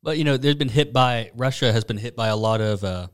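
A man hosting a casual comedic chat, relaxed, laughing as he tells stories. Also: medium pitch, a little fast, smooth. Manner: easygoing storyteller, laughs often. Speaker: podcast host presenting news stories.

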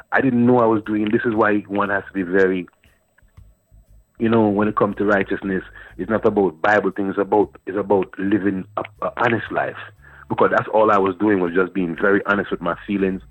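A man's voice: lowish voice, dry recording. A man in his fifties from Antigua, a guest poet telling a long story in a radio interview, repeating words and phrases as he goes. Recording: dry phone-like radio line.

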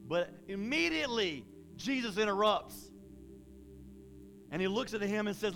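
A man preaching a sermon in a casual, folksy way, with animated bursts of emphasis. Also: high-pitched, measured pace, gravelly, long pauses, faint music behind.

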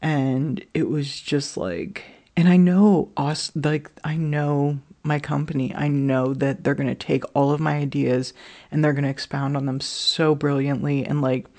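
A woman talking candidly and emotionally in a personal vlog, swearing freely and leaning on "like" and "you know what I mean" as she thinks out loud. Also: deep voice, fairly even intonation, measured pace.

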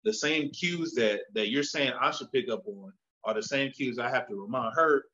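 A man in casual chat, telling animated stories and acting out both sides of conversations. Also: mid-range voice, normal speed. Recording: dull lo-fi sound.

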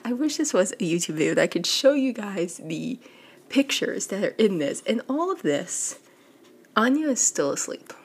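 A woman hosting a podcast, casually retelling a manga volume in a chatty, quick way with lots of "like". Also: mid-range voice, husky. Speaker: podcast host. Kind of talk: casual book recap.

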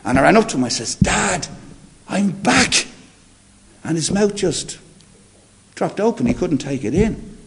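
A man, an interview guest telling his personal testimony in an animated way and acting out the dialogue. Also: a little high, moderate pace, gravelly.

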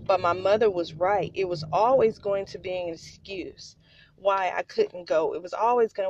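A woman's voice: mid-range voice, normal speed, a little mellow, lo-fi sound, a little hiss or hum. A woman hosting a podcast, telling a personal story in a heartfelt way, often speaking straight to her listeners and holding back tears. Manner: heartfelt, addresses listeners as you guys. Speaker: podcast host.

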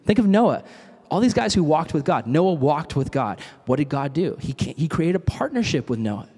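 A young man giving a casual, animated youth sermon full of stories and acted-out quotes. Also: on the high side, moderate pace, slightly rough. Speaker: youth speaker. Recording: reverberant hall.

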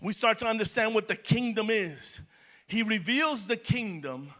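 A man's voice: sits high, animated, moderate pace, bright, forceful tone. A male pastor preaching a sermon in a church, fervent and repeating his phrases for emphasis.

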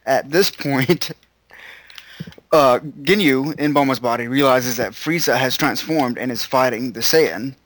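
A man's voice: medium pitch, fairly bright tone. A man co-hosting a podcast, casually recapping a scene with frequent laughs and restarts. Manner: laughs often while recapping, halting restarts. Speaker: podcast co-host.

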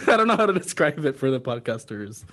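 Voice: mid-range voice, sing-song, normal speed, fairly bright tone. A podcast co-host in casual chat, giggling often and describing things expressively.

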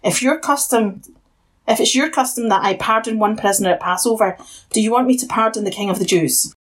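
A woman voicing Pilate, a stern and uneasy Roman governor, in a husky, questioning tone in a Bible story reading. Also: on the high side, fairly quick, close to an everyday voice. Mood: sharp questioning.

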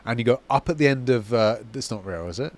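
A man with a London accent co-hosting a casual gaming chat, explaining things with lively, swear-laced energy. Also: medium pitch, fast. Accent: London English. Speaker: podcast co-host.

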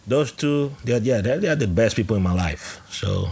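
A man's voice: on the low side, moderate pace, gravelly, slightly rough. A man from Nigeria, telling stories in a casual interview and acting out voices. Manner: animated storyteller who acts out voices. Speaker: podcast guest.

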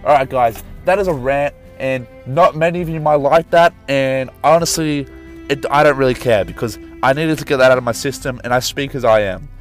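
A man's voice: mid-range voice, a little fast, soft background music. Angry, passionate man ranting on a podcast. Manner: angry, passionate, swearing, apologetic. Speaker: podcast host and Facebook marketer. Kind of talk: unscripted podcast rant.

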